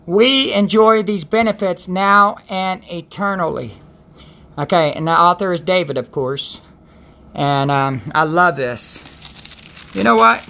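A woman's voice: fairly low pitch, fairly bright tone. A woman hosting a Christian livestream, in a rambling, chatty way that keeps interrupting itself. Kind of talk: casual devotional chat.

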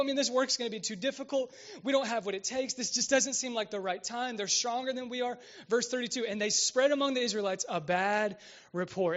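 A man's voice: high-pitched, a bit bright, lo-fi sound. A man in his late twenties preaching a sermon as pastor, talking conversationally and often checking in with the audience.

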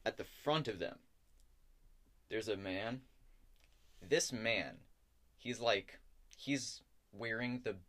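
A man with a fairly low voice runs a tabletop game, narrating scenes in a casual, halting way. He pauses often and fills gaps with likes and ums. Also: fairly bright tone. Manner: hesitant, many fillers and likes. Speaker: game master.

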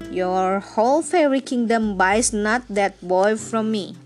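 A woman voicing a haughty, cold fairy queen in a storybook reading, with a sharp, scornful delivery. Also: medium pitch, slow pace, soft background music, lightly acted.

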